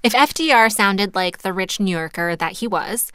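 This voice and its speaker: A woman reporter delivering scripted radio narration in a crisp, conversational storytelling way. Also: medium pitch, animated, moderate pace, pushed and bright, dry recording, studio quality. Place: studio booth.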